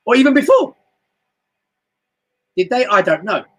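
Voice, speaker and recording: A husky, fairly high-pitched British man talking on a home live stream. He gives a motivational talk in a chatty, animated way and keeps leaping up into high, emphatic exclamations. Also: measured pace, rough recording. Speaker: motivational speaker. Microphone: home live stream mic.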